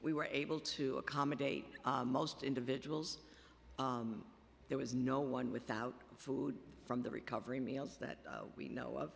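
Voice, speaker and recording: A man with a Bronx accent testifying at a budget hearing, halting and full of fillers and restarts. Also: medium pitch, steady tone, gravelly, fairly bright tone, slight background noise. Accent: Bronx New York. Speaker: city agency official testifying. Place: large council chamber. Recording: long chamber reverb.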